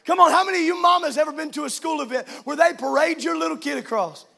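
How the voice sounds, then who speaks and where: High-voiced gravelly preacher man. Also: quick pace. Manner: shouted, sing-song preaching that swings loud and soft. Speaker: pastor. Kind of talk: sermon. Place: church.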